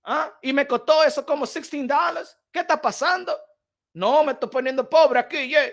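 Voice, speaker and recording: Man, boxing channel host, casual rant, sharp bright voice, stammers and restarts. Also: very high-pitched, a little fast, gravelly.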